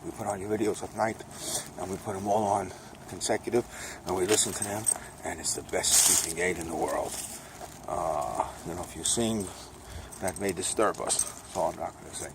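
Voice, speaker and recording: Older brooklyn guy rambling on a walk, gravelly lowish voice, phone video with lots of outdoor noise. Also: steady tone, moderate pace. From Brooklyn, New York. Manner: meandering, chatty, folksy, playful asides. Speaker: vlogger. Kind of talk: rambling casual vlog on a walk. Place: outdoors on a walk, by a road and railway. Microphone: phone camera. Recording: noisy outdoor phone recording.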